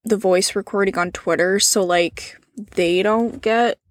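A woman's voice: mid-range voice, fairly even intonation, a little slow, dry recording. A woman in casual podcast chat, talking loosely with lots of fillers as she recounts a story. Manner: casual, many fillers, reads out quotes in a subdued tone.

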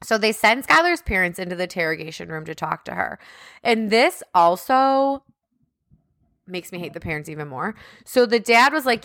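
A woman's voice: mid-range voice, sing-song, moderate pace, a bit bright, dry recording. A woman co-hosts a true-crime podcast in a loose, chatty manner, leaning on "like" between phrases. She sounds opinionated as she retells the case, in a middle register. The recording is dry and close, with no room sound. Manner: chatty, heavy use of "like" as a filler. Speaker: podcast co-host. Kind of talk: casual true-crime chat.

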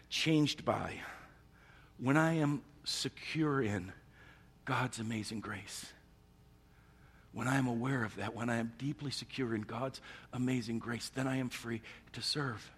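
A man preaching from the pulpit, his husky voice carrying a long reverb through the church. He drops to hushed, intimate lines and then builds to loud, emphatic passages. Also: mid-range voice. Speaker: pastor. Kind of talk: sermon.

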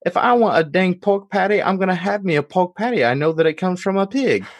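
Folksy deep south guy, loud and pitched way up, drawling and emphatic, a man doing the voice. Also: animated, fairly quick, no room sound, studio quality.

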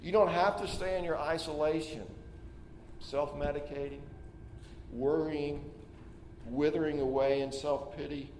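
A man delivers a sermon in a conversational tone, voicing his listeners' objections and tripping over his own restarts. His voice sits a little high for a man. The sound carries the long, roomy reverb of a church hall, with faint ambience underneath. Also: steady tone, measured pace, long pauses, a little mellow, slight background noise. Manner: conversational, plays out listeners' doubts aloud with repeated restarts. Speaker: pastor. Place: church sanctuary.

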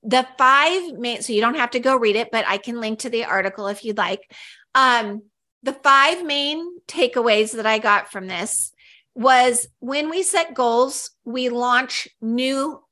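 Bright-voiced chatty woman podcaster. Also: fairly high pitch, expressive, measured pace. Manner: chatty, upbeat, with fillers and restarts. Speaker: podcast co-host. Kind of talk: casual podcast chat.

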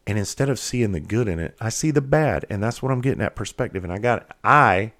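A man's voice: lowish voice, expressive, fairly quick, fairly bright tone, dry recording. A middle-aged man hosting a podcast and delivering a blunt, heavily profane confessional monologue with emphatic delivery. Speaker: podcast host.

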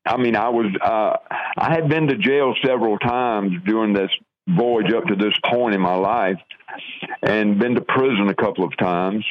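Older southern-raised man, earnest halting testimony, low voice, dry muffled radio audio. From American South. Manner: earnest, halting storytelling with restarts. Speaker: guest telling his testimony. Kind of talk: personal testimony.

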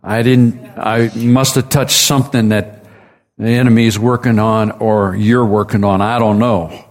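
A man's voice: on the low side, fairly even intonation, measured pace. A man preaching a sermon, retelling a story with casual asides and acted-out quotes.

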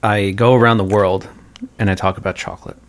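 A man's voice: steady tone, fairly quick, lightly acted. A man playing a pushy snobbish chocolate expert. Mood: smug. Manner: pushy, boastful, breaks into high laughs. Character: snobbish male chocolate connoisseur, pushy and boastful. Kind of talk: improvised comedy sketch.

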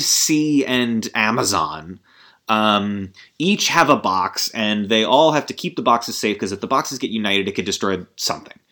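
A man's voice: medium pitch, pushed and bright. Exasperated man ranting on a podcast. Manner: rambling, exasperated, swearing, full of restarts and asides. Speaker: podcast host. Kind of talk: casual film-review rant.

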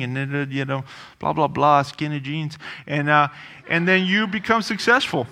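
A man's voice: fairly high pitch, moderate pace, hardly any pauses, sharp tone, big-room sound. A man preaching a sermon in a conversational, emphatic way, repeating phrases and dropping in offhand asides.

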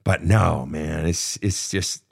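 A man's voice: low-pitched, slow, gravelly, a little mellow, slightly rough. A middle-aged man, a relationship counselor hosting his show, giving blunt, profane, emphatic advice in a casual monologue. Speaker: relationship counselor and podcast host.

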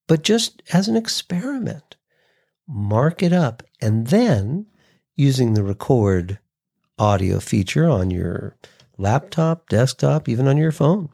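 A man hosting a podcast, teaching voice delivery in a relaxed conversational way and acting out short sample reads. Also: medium pitch, takes it slowly, vocal fry, husky. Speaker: voice coach and podcast host. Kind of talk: casual instructional talk.

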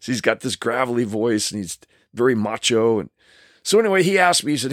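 A man's voice: mid-range voice, fairly quick, dry recording. Dry-voiced veteran stuntman reminiscing. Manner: animated, rambling with many restarts. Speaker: stunt performer. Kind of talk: storytelling, reminiscing.

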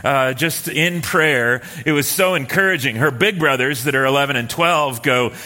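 A man preaching a sermon in a relaxed, storytelling way, with many fillers and restarts. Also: medium pitch, moderate pace, big-room sound. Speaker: pastor. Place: church hall with live and online audience.

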